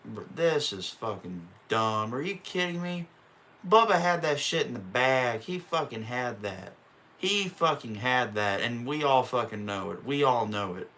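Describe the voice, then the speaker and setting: A man's voice: mid-range voice, lively intonation, unhurried, pushed and bright. A man on a live stream calling a stock car race lap by lap, swearing and ranting in open frustration between calls. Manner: profane, openly frustrated ranting. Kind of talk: casual live-stream play-by-play.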